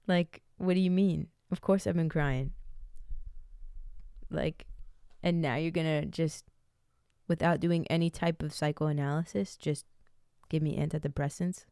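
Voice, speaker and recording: A woman's voice: deep voice, steady tone, a little slow, long pauses, mellow, smooth, no room sound, studio quality. A woman in her late twenties telling a personal story in a frank, rambling way, swearing freely. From United States. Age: late 20s. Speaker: vlogger. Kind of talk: candid casual storytelling.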